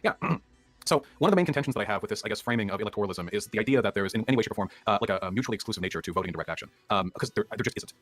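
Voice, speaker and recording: A young man answering in a debate, calm and analytical. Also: on the low side, faint music behind. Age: young adult. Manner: measured, analytical. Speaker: political commentator. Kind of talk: debate reply.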